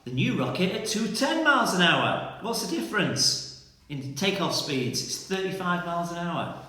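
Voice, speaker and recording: Lively man in an echoey room. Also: high voice, moderate pace. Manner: lively, animated, playful with children. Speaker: primary school teacher leading assembly. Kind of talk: online school assembly for children.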